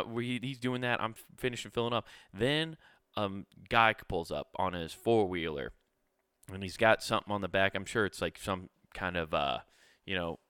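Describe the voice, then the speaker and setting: A man's voice: low-pitched, bright, forceful tone, smooth, no echo, clean studio sound. A young man hosting a podcast, telling a casual, rambling story full of swearing and restarts. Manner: laid-back, profane, rambling with many restarts. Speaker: podcast host.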